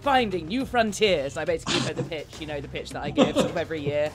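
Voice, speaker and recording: High-voiced chatty man playing a game. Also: flat delivery, very fast, over music. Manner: chatty, hesitant, laughs often. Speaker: player. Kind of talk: casual tabletop play.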